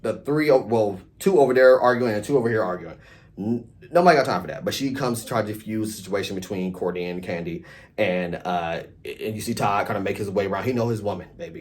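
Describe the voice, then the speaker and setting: A man casually recapping a reality TV episode, chatty and animated, acting out quotes and swearing freely. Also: on the low side.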